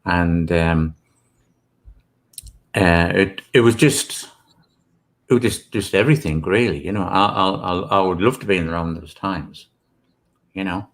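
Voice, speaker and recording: A man's voice: low voice, unhurried, pauses often. A British man, an author guest, chatting casually in an interview, rambling with many restarts and asides.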